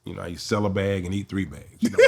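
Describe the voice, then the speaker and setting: A middle-aged man with a drawl spins stories as an interview guest. His low voice has a husky edge, and he brings the people in his tales to life by acting out what they said. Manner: animated storyteller, acts out quotes. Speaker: comedian guest. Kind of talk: storytelling interview.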